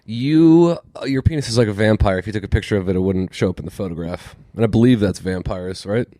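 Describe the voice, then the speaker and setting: Deadpan, low-voiced man on a podcast. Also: quick pace, no room sound, studio quality. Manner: deadpan joking. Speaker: podcast co-host. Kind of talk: casual chat. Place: apartment.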